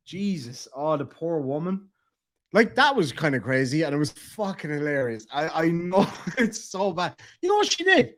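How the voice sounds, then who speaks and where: A man's voice: fairly high pitch, big pitch swings, normal speed, fairly bright tone. An Irish man in casual commentary, telling stories full of swearing and laughing through them. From Ireland. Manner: profane, laughs through his own stories. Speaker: streamer reacting to a livestream.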